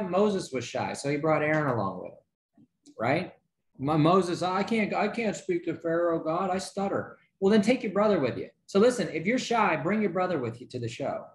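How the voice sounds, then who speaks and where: A man giving a motivational sales training talk, energetic, with rhetorical questions and frequent checks like "right?" to his listeners. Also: a little high, echoey room, slight background noise.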